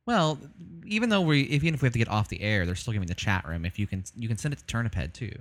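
A man's voice: on the low side, lively intonation, quick pace. A man co-hosting a live show, chatting casually with a crude, joking, rambling manner full of ums. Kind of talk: casual banter.

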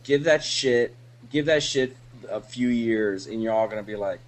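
A man in casual podcast chat, swearing freely as he tells animated stories. His voice sits at an ordinary pitch. He talks loosely and keeps it profane. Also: normal speed. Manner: profane, animated storytelling with laughs. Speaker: podcast co-host.

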